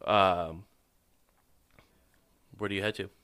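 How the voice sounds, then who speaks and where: Bright-voiced man running a tabletop game. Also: low-pitched, fairly even intonation, takes it slowly, smooth. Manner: laughs often, teasing. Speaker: game master.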